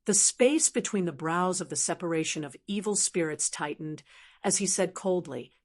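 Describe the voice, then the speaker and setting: A woman reading a fantasy web novel aloud as an audiobook narrator, in an even, unhurried storytelling manner. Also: fairly low pitch.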